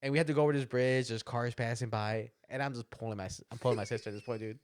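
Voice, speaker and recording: Animated, laughing young man telling a story. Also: rapid-fire. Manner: animated, laughing, acts out quotes in higher voices. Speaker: podcast co-host. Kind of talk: casual storytelling chat.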